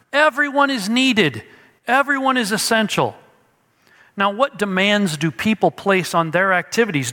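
A man's voice: high-pitched, bright, forceful tone, in a large hall. A male pastor preaching an expository sermon, emphatic and teaching through rhetorical questions.

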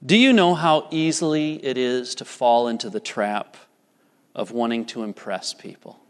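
Earnest preacher in a reverberant hall. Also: male voice, mid-range voice, normal speed, clean tone. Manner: earnest, asks the congregation repeated questions. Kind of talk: sermon. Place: church.

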